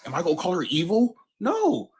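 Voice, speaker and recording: Fast-talking husky man in his thirties. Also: high-pitched. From United States. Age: 30s. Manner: animated storytelling with greetings acted out. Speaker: call-in guest. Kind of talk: casual group chat.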